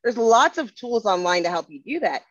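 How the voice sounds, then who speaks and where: A woman's voice: fairly high pitch, expressive, moderate pace, dry recording. Earnest woman, dry lo-fi sound. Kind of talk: casual conversation.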